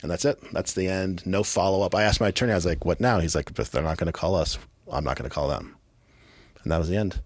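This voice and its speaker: A man from California with a very low voice tells a rough story flatly and bluntly as a podcast guest, swearing casually. The recording is dry and close, with no room sound around him. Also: quick pace, no room sound. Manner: blunt, profane, matter-of-fact storytelling with streetwise grammar. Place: podcast studio.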